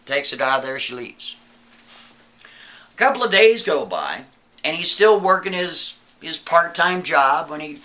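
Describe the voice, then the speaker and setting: A man with a somewhat high, bright and forceful voice tells a story as if chatting with a friend. He keeps it loose and lively, tossing in little asides to the listener as he goes. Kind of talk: casual spoken storytelling.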